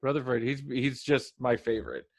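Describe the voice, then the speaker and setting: Male co-host, mid-pitch, rambling and halting with fillers, casual review talk. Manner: rambling, halting, many fillers, animated quoted voices. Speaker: podcast co-host reviewing a TV episode.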